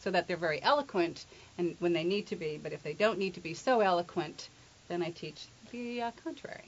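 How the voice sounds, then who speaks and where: A woman's voice: on the low side, brisk. A middle-aged woman from England who works as an accent coach, explaining accents in an interview with playful spoken examples. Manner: playful, demonstrative, teasing. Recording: dull lo-fi recording.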